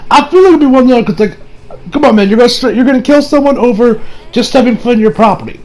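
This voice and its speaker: High-voiced rambling male anime reviewer. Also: fast talker, rough recording. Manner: rambling, animated, lots of fillers and incredulous asides. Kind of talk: casual episode recap and commentary.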